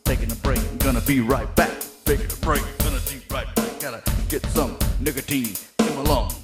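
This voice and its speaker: A man's voice: medium pitch, brisk, over loud music. A man rapping playful, rambling rhymes and chatting on a hot mic during an online jam session. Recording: live mic over loud band with drums. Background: jam band playing, drums.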